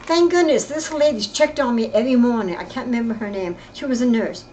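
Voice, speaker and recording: An older woman telling her own story in casual, rambling speech, often halting and repeating herself. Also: fairly high pitch, a little mellow, slight background noise, poor audio. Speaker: interviewee recounting her life. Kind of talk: casual spoken reminiscence.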